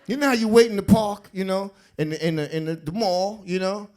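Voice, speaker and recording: A man doing stand-up comedy on a club stage, telling stories in an animated, streetwise way. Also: high-pitched, brisk. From South Bronx, New York.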